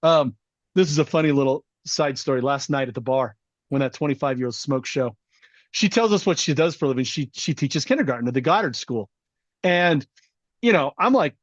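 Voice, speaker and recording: A middle-aged man chatting on a podcast, his voice pitched a little high and swinging widely as he acts out quotes. The sound is dull and dry, close to the mic. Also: a little fast, dry recording. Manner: animated storyteller, swears freely, acts out quotes. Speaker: podcast co-host. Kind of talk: casual chat.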